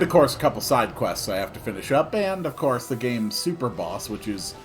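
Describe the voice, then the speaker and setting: A man talks through his game in a casual, offhand way. He speaks slowly, and his pitch rises and falls a lot. Quiet music plays behind him. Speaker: let's play host. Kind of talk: casual gameplay commentary.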